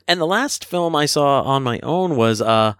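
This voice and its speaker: A man's voice: mid-range voice, expressive, unhurried, a bit bright, clean tone, no echo, clean studio sound. A man hosting a casual film review chat, enthusiastic and full of jokey asides. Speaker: film review podcast host.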